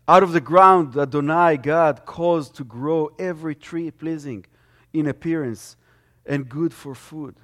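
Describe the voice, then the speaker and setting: Emphatic preacher. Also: male voice, on the high side, fairly bright tone. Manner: emphatic, rising and falling with strong emphasis. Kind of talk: sermon.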